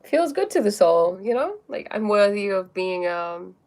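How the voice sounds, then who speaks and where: A woman's voice: medium pitch, big pitch swings, a little slow, a little mellow. A woman hosting a casual spiritual self-help livestream from her phone, thinking aloud with many fillers and restarts and chatting directly with viewers about their comments. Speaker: livestream host answering viewer questions.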